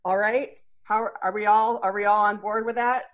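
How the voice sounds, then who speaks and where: A woman's voice: medium pitch, fairly even intonation, moderate pace, highs cut off. A woman hosting a book party over a video call, introducing guests in a chatty way with frequent ums. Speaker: event host.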